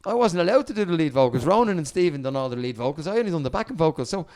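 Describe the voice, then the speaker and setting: Fast-talking Irish man telling stories. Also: a little high. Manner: lively, cheeky storyteller, swears freely. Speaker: guest. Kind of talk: casual anecdote telling.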